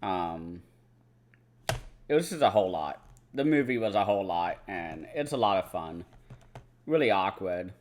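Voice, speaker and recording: A man's voice: low voice, lively intonation, unhurried, pauses often, slight background noise. A young man chatting casually about films on a movie-marathon vlog, rambling and swearing freely. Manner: rambling, profane, lots of "like" and "you know". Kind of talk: casual movie review chat.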